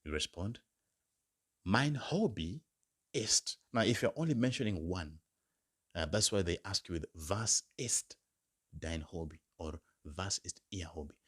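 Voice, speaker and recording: A man teaching beginner German phrases in English, slowly modelling each phrase and repeating words for learners. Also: sits low, lively intonation, a bit bright, slightly rough. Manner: slow, drawn-out modelling of example phrases. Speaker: German language tutor.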